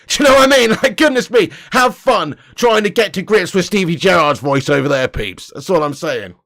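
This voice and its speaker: Footy streamer guy, high voice, swears a lot, chats with viewers, laughs along. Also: lively intonation, normal speed, fairly bright tone. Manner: chatty, swears and laughs, reads viewer comments. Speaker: football channel host. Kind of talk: casual livestream commentary.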